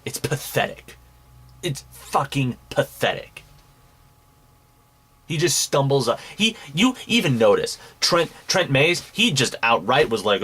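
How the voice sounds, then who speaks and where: This commentary podcast host, a young man, delivers angry, profane rants full of mocking scorn. He speaks at a measured pace in a medium-pitched, sing-song voice that's fairly bright with a breathy edge.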